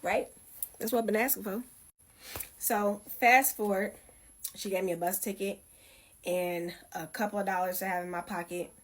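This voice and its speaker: A woman's voice: medium pitch, fairly even intonation, moderate pace, pauses often. A woman candidly recounting painful personal events, blunt and heated, with frank retelling. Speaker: guest telling her life story.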